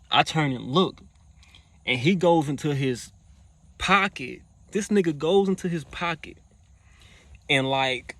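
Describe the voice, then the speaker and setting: A man's voice: mid-range voice, a bit bright. A man casually recounting a personal story in profane slang, acting out quoted lines in a raised voice. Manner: profane slang-heavy talk.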